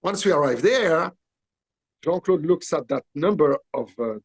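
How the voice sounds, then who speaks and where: A man in his sixties from Belgium, speaking English with a French accent, animatedly telling a story in halting English and acting out what people said. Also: a little high, lively intonation, slightly rough. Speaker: interview guest, actor. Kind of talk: storytelling interview.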